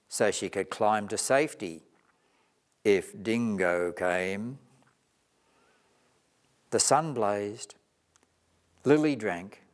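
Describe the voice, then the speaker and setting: A man reading a children's story aloud in a gentle, expressive way. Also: fairly low pitch.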